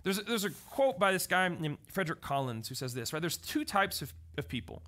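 A male pastor delivers a casual, story-driven sermon with a high, ringing voice. His pitch swings widely as he acts out little scenes, and he keeps pulling listeners in with quick asides. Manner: animated storytelling, often asks the crowd "right?". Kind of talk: conversational sermon.

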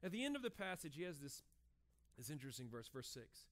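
Acting out little exchanges as he goes, a man in his thirties delivers a lively, conversational sermon as a pastor. He speaks fast, in a slightly high voice.

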